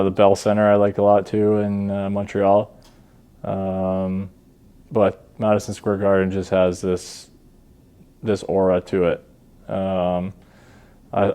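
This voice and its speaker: Low and creaky, the voice belongs to a Canadian hockey goalie in his thirties talking easily on a podcast. He tends to downplay himself and drops in lots of ums and uhs.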